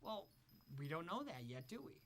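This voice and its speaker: A man's voice: a little high, big pitch swings, moderate pace, a bit bright, a little hiss or hum. A man hosting casual reaction commentary, talking bluntly and profanely as he thinks aloud. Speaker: commentary host.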